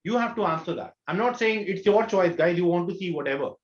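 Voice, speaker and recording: Indian male workshop coach, slightly high voice, earnest and questioning; roomy lo-fi call audio. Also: animated, fast. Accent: Indian English. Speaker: law of attraction coach. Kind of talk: online workshop talk. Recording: roomy, dull lo-fi webinar audio.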